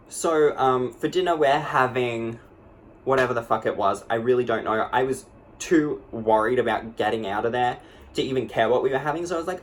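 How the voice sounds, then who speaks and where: A man's voice: medium pitch, lightly acted. A man playing a rambling girl vlogger. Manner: rambling, lots of "like", breathless and dramatic. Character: young woman vlogger telling a dramatic storytime. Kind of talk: comedic storytime monologue.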